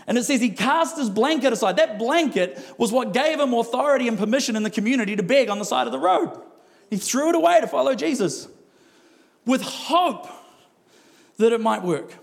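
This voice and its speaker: A man's voice: very high voice, animated, brisk, creaky. A male pastor preaching a sermon in a conversational way, with laughing asides and acted-out quotes.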